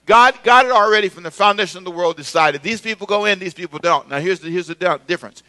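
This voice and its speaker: In a call-and-response sermon, a male pastor talks with the congregation conversationally and has them repeat his words back. His voice sits high and sounds bright and forceful at a quick pace.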